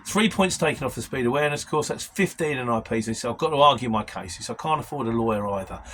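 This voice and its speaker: A man's voice: medium pitch, expressive, quick pace, fairly bright tone, a little hiss or hum. A man who hosts a casual Q&A, reading out viewer comments and answering them in a rambling, opinionated way. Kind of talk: casual Q&A chat.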